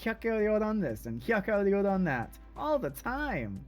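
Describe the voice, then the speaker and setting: A man's voice: sits high, huge pitch swings, measured pace, faint music behind, pitched above the performer's own voice, exaggerated voice. A man voicing a perceptive schoolgirl who probes and teases. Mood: probing. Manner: probing, teasing. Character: sharp perceptive schoolgirl, teasing.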